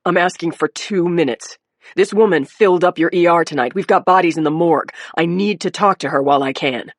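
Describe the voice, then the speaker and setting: A woman voicing a steady, firm male detective. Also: lowish voice, no echo, clean studio sound, close to an everyday voice. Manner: firm, measured, persistent.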